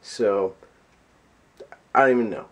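A man ranting to camera in a comedic vlog, exasperated and profane, swinging between loud outbursts and low mutters. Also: slow pace. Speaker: vlogger.

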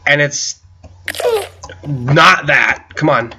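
A man giving casual gameplay commentary, frustrated and swearing loudly as he plays, while feeling unwell with a headache. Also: a little high, extremely slow, muffled recording, noisy background. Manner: frustrated, swearing, loud outbursts. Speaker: gaming video creator.

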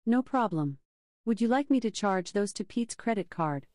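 A woman voicing a deadpan, sassy voice assistant. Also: medium pitch, moderate pace, soft background music, natural voice. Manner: dry, deadpan, teasing. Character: sassy female smart-speaker assistant. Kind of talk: comedy sketch.

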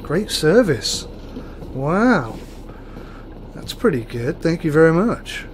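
A man's voice: on the high side, very animated, slow, slight background noise. Chatty man commenting on a game. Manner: chatty, joking, self-deprecating. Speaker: gaming channel host. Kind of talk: let's play commentary.

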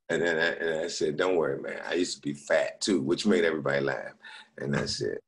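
A man's voice: very deep voice, brisk. A middle-aged comedian telling stories casually, laughing as he acts out the people he quotes. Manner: laughing anecdotal storytelling with quoted voices. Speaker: comedian guest. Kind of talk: casual storytelling.

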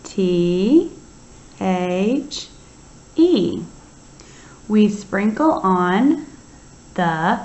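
Slow, patient woman teacher sounding out letters. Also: medium pitch, lively intonation. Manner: patient and encouraging. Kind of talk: early-grade writing lesson. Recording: slightly dull, lo-fi sound.

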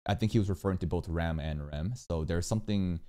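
A man giving casual reaction commentary as a streamer. He swears often and jumps from calm explaining to loud, high-pitched rants. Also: a little fast.

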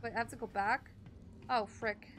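A woman streams a horror game, talking through it in a jumpy, easily frightened way full of exclamations. Her voice sits a bit above the usual pitch for a woman. A faint hum runs underneath. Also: steady tone, moderate pace. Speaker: gaming streamer. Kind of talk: let's play commentary.

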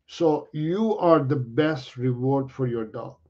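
A middle-aged man who trains dogs talks slowly and earnestly to his viewers. He repeats his points and stops and restarts his sentences, at an ordinary pitch. The audio sounds dull and lo-fi. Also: darkish tone. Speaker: dog trainer. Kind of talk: explaining to viewers.

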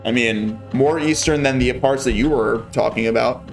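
A man's voice: mid-range voice, normal speed, gravelly, music in the background. Wry young man streaming a game. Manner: wry, exasperated, rambling. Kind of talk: casual live gameplay commentary.

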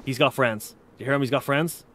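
A man streaming a survival game, chatting casually and excitably, with frequent swearing. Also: mid-range voice, fairly quick, a little hiss or hum. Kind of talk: casual live-stream commentary.

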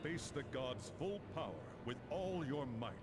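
An actor playing a grave, proclaiming announcer of divine trials in a game. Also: male voice, on the high side, animated, moderate pace, heavy background noise, lightly acted. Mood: solemn. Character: solemn deep male voice of a divine trial announcer. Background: loud game music.

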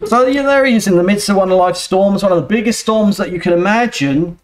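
A man preaching a sermon in a church, earnest and steady, often turning to the congregation with rhetorical questions. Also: sits high, a little fast. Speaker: pastor.

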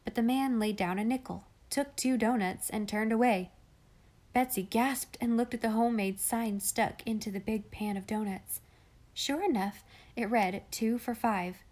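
Woman reading a kids' classic, clear and steady, kinda high voice. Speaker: audiobook reader. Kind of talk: scripted narration of a classic children's novel.

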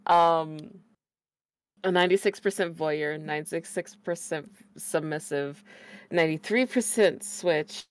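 A woman with a low voice reads a long list at an even, steady pace in a casual group call. She fills the gaps with small "uh"s. Her tone is relaxed and chatty. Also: measured pace, clear, resonant tone, dry recording. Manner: laughs often, steady list reading with fillers. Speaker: stream guest. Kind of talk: casual group chat, reading a list aloud.

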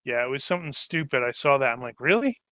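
Bright-voiced rambling game master, a man. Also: mid-range voice, fast talker, smooth. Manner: rambling, joking, trails off searching for names. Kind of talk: casual chat while planning a tabletop game.

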